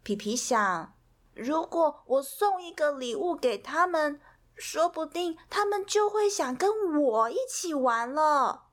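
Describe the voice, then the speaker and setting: A woman reads a children's storybook aloud in a soothing, expressive manner. Her voice sits a little high and moves in lively, wide swings, taken at a slow, careful pace. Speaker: storybook reader.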